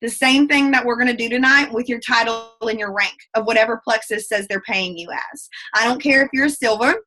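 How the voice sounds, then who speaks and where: A woman in her late twenties talks fast with a thick Southern drawl, her voice bright and a little high. She is giving a folksy, effusive pep talk over a video call. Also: soft background music. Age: 20s. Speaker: guest speaker. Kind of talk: motivational team call talk.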